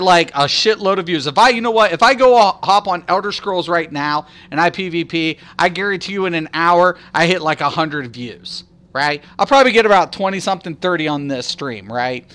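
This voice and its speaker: This man's voice is high-pitched, fairly bright and clean as he chats loosely on a game stream. His talk rambles and is laced with swearing and laughter, and he imitates other people's voices when telling stories.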